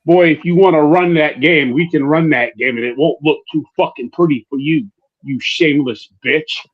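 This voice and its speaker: A man fires off profane taunts and threats in a somewhat high voice. His audio is dull and lo-fi, like a cheap stream mic. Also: moderate pace. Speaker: co-host. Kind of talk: heated trash talk on a livestream.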